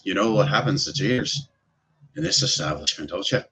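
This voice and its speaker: A man voicing a calm, menacing male dwarf bouncer who speaks low and deliberately. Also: breathy edge, exaggerated voice, rough recording.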